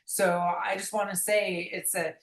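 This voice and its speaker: A woman's voice: mid-range voice, flat delivery, unhurried, reverberant, slight background noise, low-quality recording. A woman guest talking about her memoir in an earnest, rambling way, often restarting her sentences. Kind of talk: reflective conversational interview.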